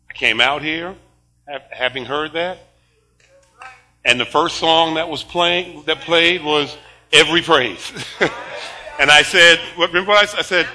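An older man preaching a sermon, animated and laughing often, moving between shouted praise and quiet storytelling. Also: medium pitch, normal speed, pauses often, poor audio. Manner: laughs often while talking.

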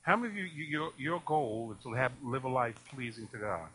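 A man's voice: medium pitch, brisk, husky. A man preaching a sermon, asking the congregation questions and acting out conversations with laughter. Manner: animated preaching, rhetorical questions, acts out dialogue with laughs. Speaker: pastor.

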